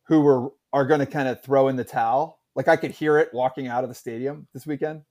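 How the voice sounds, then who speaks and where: A man's voice: medium pitch, fairly even intonation, brisk, darkish tone. A man co-hosting a casual sports talk show, rambling with many fillers and restarts. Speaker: podcast co-host.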